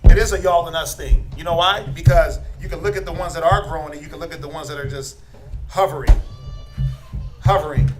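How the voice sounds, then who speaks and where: Blunt high-voiced man preaching. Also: steady tone, a little fast, soft background music, rough recording. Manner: blunt, challenging, rhetorical questions. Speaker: religious teacher. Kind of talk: informal preaching to a group.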